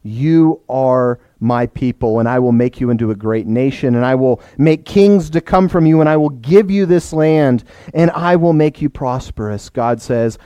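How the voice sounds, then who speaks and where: A man's voice: medium pitch, dark tone, no echo. A man preaching a sermon to his church, explaining plainly and putting questions to the children. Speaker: pastor.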